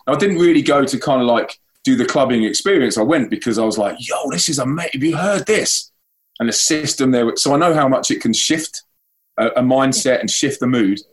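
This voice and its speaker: A man's voice: mid-range voice, a little fast. A man with a London accent, an evangelist and band frontman, chatting casually and upbeat in an interview, with lots of restarts.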